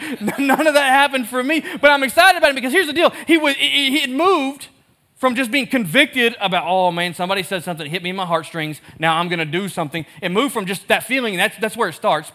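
Casual male preacher, bright and high-pitched, chatty sermon delivery with self-deprecating humor. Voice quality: lively storytelling, acts out both sides of conversations. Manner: casual and conversational, laughs at himself. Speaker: pastor.

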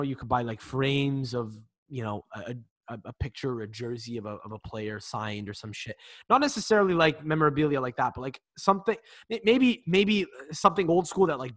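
A man's voice: fairly high pitch, a bit bright, no echo. A man in his twenties co-hosting a football podcast, chatting casually with frequent swearing, laughter and restarts. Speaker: podcast co-host. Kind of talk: casual chat.

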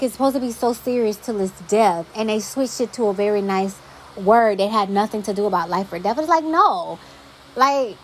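A woman's voice: a little high, a little hiss or hum, low-quality recording. A young adult woman hosting a solo podcast, talking casually with emphatic, exasperated asides. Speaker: podcast host.

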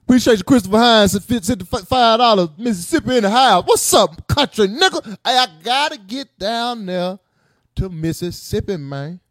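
A man hosting a casual podcast chat, teasing, animated and prone to loud bursts. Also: high voice, normal speed, no room sound, studio quality. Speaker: podcast host.

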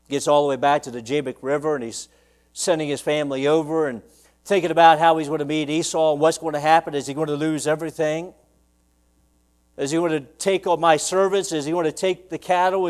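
A male pastor preaching a sermon in church, acting out anguished prayers with his voice climbing sharply, then dropping low to explain. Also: normal speed, a little mellow. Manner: preaching with dramatic acted-out prayers, voice rising sharply when quoting.

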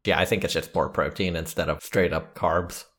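A man co-hosting a podcast in casual chat, with dry, deadpan humor. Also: low voice, moderate pace. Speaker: podcast co-host.

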